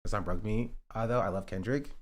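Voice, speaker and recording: A man's voice: lowish voice, fast. A man from North Carolina, streaming and reacting to clips while joking with his chat. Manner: joking, talks back to chat. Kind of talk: casual live-stream reaction commentary.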